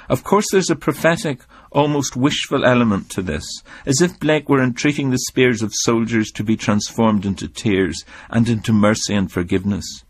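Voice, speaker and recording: Male documentary narrator for poetry commentary, mid-range voice, measured pace, dry close sound. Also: medium pitch, no echo. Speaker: literary commentator.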